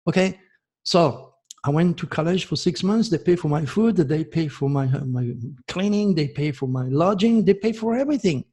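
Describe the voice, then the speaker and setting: A man's voice: fairly high pitch, expressive, normal speed, dark tone, breathy edge. A man from France, hosting an astrology show in a passionate, ranting monologue that turns emotional. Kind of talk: impassioned video monologue.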